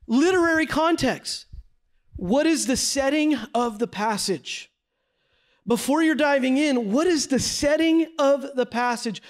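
High-pitched man leading a Bible study class, energetic and chatty, quizzes his listeners as he goes. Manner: energetic, conversational, asks the group questions. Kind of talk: classroom teaching with slides. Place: classroom with a group.

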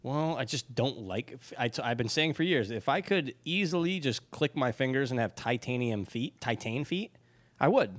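A man's voice: mid-range voice, expressive, moderate pace. Rambling casual podcast guy. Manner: rambling storyteller, acts out dialogue. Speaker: podcast co-host. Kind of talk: casual chat.

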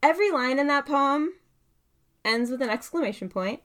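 A woman's voice: sits high, animated, normal speed, a bit bright. A woman poet talking casually and thoughtfully about writing, often saying "like" and "right". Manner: thoughtful, uses many fillers like "like" and "right". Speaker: poet and guest speaker. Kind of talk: casual conversational talk with poetry reading.

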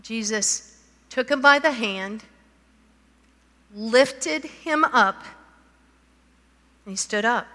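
A woman preaching at an unhurried pace, her voice high and bright. She reads scripture aloud and keeps turning to ask her listeners questions. Long reverb trails each phrase. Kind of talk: sermon.

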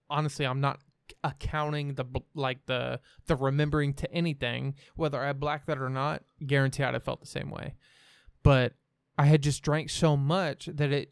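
Frank young man with a clear, dry voice. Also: fairly high pitch, dry recording. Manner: frank, swears freely, rambling. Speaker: podcast guest. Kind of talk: candid personal storytelling.

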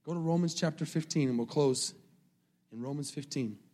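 A male pastor preaching a sermon, mixing casual asides to the congregation with slow, rising emphasis on scripture. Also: on the high side, mellow.

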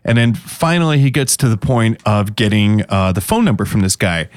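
A man's voice: lowish voice, lively intonation, normal speed, smooth, dry recording. Wry male podcast co-host, dry sound. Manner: wry, joking. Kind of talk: casual chat recapping a TV show.

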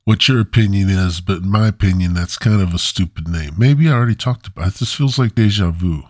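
A man's voice: deep voice, darkish tone, dry recording, studio quality. A man hosting a podcast alone, rambling in a meandering, crude, zoned-out way. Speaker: podcast host. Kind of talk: casual rambling monologue.

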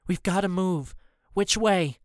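A man voicing Amy, a determined teenage girl who urges her friend on in a low, hurried whisper. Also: no echo, clean studio sound. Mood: urgent. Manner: urgent whispering.

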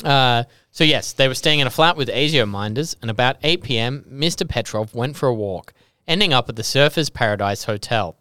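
A man's voice: mid-range voice, animated, fairly quick, few pauses, sharp tone, clean tone, no echo, studio quality. A man with an Australian accent, a podcast co-host reading out a true-crime story and laughing and joking between lines.

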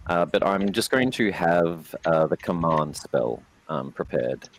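Brief: very low male player, headset, halting speech in fast bursts. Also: lively intonation, poor audio. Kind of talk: casual tabletop chat.

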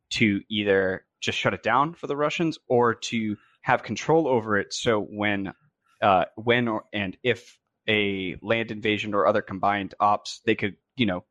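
A man in casual podcast chat, explaining ideas in a measured way. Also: on the low side, a bit bright, no room sound.

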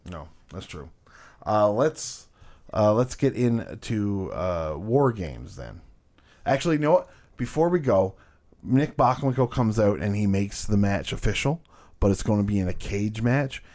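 A man co-hosting a podcast in casual, profane chat, laughing often and swinging between loud bursts and muttered asides. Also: on the low side, sing-song, measured pace. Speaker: podcast co-host.

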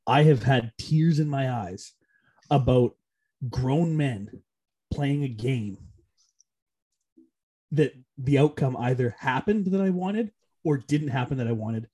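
A young man co-hosting a sports podcast, chatting casually and excitably, laughing often. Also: medium pitch, slow, long pauses, breathy edge. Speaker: podcast co-host. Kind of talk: casual chat.

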